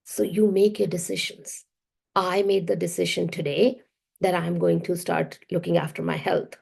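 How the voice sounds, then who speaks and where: A woman's voice: lowish voice, flat delivery, moderate pace, vocal fry, darkish tone, slightly rough. A woman self-worth coach giving an emphatic, repetitive motivational masterclass talk.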